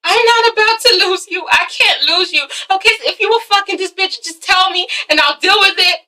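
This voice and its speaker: A woman's voice: sits high, expressive, takes it slowly, bright, forceful tone, full character voice. A woman doing a jealous, fiery young dancer. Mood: pleading. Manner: demanding, profane.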